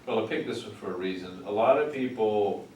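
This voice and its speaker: A man's voice: fairly low pitch, animated, a little fast, darkish tone. A male math teacher working through algebra with students, explaining steps with dry, wry humor. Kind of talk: classroom tutoring. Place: classroom. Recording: roomy, distant mic, some noise.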